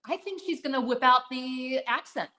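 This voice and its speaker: A woman with a fairly high voice gushes through a casual fan chat, rambling and restarting her sentences with plenty of fillers. Her voice rings a bit in an echoey room. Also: moderate pace, bright, forceful tone. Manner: gushing, rambling with many fillers. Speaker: podcast co-host.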